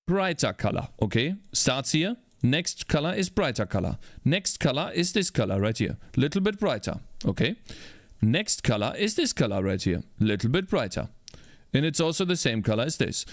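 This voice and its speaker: A man's voice: medium pitch, sing-song, normal speed, no room sound. Male streamer, game dev, frustrated and cursing at his work; dry, close sound. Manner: frustrated, exasperated, talks to himself; swears. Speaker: indie game developer streaming. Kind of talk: live-stream chat while working.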